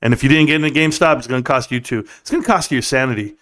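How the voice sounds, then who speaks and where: A man's voice: mid-range voice, racing. A middle-aged man hosting a late-night stock livestream, brash and boastful, trash-talking and breaking into song. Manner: bursts into singing and shouting. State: out of breath.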